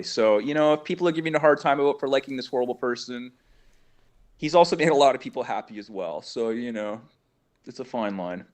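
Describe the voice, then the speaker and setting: A man's voice: on the high side, expressive, a little fast. A man calling in to a talk show, rambling through a travel story and swearing casually. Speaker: caller.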